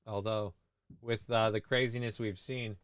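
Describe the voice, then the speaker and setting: A man's voice: on the low side, fairly even intonation, a little slow, clear, resonant tone, dry recording. A man co-hosting a casual live show, reading out chat comments and riffing on them in a jokey, rambling way. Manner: jokey, riffs loudly on viewer comments, rambling. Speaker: livestream co-host.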